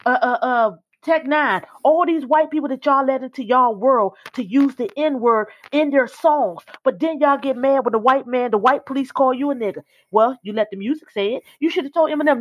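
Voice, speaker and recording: A woman co-hosting a casual talk show, opinionated and blunt, who hammers her points with repetition. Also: sits high.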